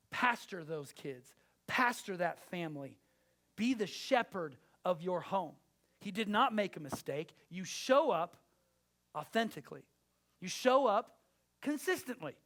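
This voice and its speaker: A man's voice: high-pitched, a bit bright. A man preaching a sermon as pastor, exhorting his listeners directly and with emphasis.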